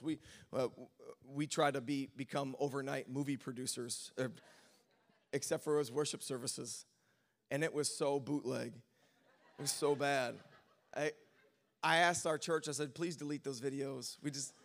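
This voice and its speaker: A man's voice: medium pitch, moderate pace, vocal fry. A man pastor speaking to a congregation in a sermon, telling a personal story with frequent stammers and restarts. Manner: preaching climax, shouting and sing-song, then relaxed storytelling with stammers.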